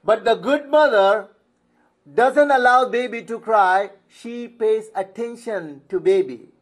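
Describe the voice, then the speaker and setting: An older man preaches in an emphatic sermon style. His voice sits high, and he keeps asking rhetorical questions and answering them himself. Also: slow pace. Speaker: pastor.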